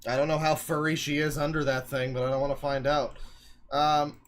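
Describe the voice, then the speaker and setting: A man's voice: fairly high pitch, flat delivery, brisk, a bit bright. Wry, crude male streamer. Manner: wry, crude, rambling asides. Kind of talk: live stream reaction commentary.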